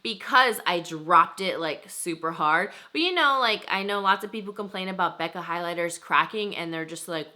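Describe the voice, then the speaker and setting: A woman's voice: lowish voice, normal speed, hardly any pauses, bright, forceful tone. A young woman reviewing makeup to camera in a chatty, enthusiastic way. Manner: chatty and enthusiastic, lots of "like" and "freaking". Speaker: beauty vlogger. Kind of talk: casual product review to camera.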